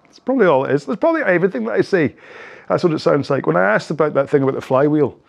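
Rapid-fire and animated, this man speaks in a fairly high, creaky voice. As an indoor rowing instructor running a casual cool-down, he rambles, makes self-deprecating remarks, and often says sorry while cueing stretches.

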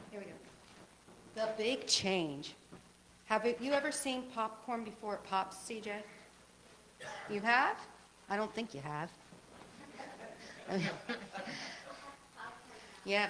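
A woman giving a children's sermon in church, telling a story gently and asking a child simple questions. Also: mid-range voice, reverberant, a little hiss or hum, low-quality recording. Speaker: children's message leader. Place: church sanctuary.

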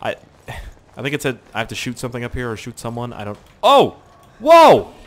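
Young male gamer, let's play commentary, goofy rambling delivery, swings high and low. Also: wildly swooping pitch, a little fast. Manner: rambling, joking, swears a lot. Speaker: gaming YouTuber.

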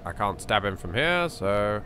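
Excitable British let's-play host, bright and lively, with faint game music under him. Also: male voice, on the low side, a little hiss or hum. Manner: excitable, chatty, quick to exclaim. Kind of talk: casual gameplay commentary.

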